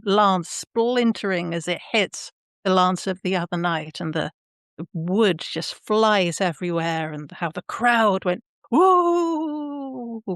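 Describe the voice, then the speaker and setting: Slow-talking woman player. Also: on the low side, no echo, clean studio sound. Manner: unhurried, animated storytelling. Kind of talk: tabletop role-play.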